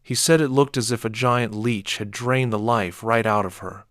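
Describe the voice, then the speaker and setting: This is a man's scripted reading of a horror story told in the first person, calm and low-key except for sharp outbursts in the quotes. The audio is clean studio sound with no room sound.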